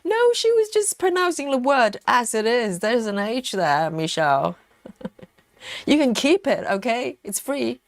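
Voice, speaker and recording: A woman's voice: a little high, big pitch swings, a little slow, no echo, studio quality. A woman with a British accent hosting a casual live stream, reading viewer comments aloud and musing over them, often breaking into laughter. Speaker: livestream host reading viewer chat. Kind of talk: casual live chat while cross-stitching.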